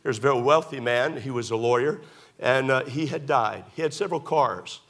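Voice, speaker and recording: A man's voice: medium pitch, moderate pace, fairly bright tone. A man preaching a sermon, emphatic, firing rhetorical questions at the congregation and telling folksy stories. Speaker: pastor.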